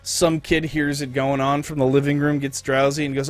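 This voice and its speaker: A man's voice: medium pitch, fairly quick, dry recording, faint music behind. Profane, ranting male streamer. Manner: profane, animated storytelling. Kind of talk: casual rant on a live stream.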